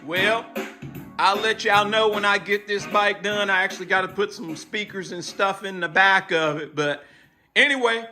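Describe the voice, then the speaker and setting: A man's voice: sits high, normal speed, music in the background. A man chatting casually to camera in a motorcycle shop, telling a rambling story. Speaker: bike builder vlogger.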